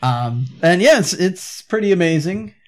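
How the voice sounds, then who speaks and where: A man with a notably high speaking voice chats on a podcast. He riffs animatedly on a movie, laughing and swearing freely in casual banter. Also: lively intonation, measured pace. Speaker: podcast co-host. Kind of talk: casual chat.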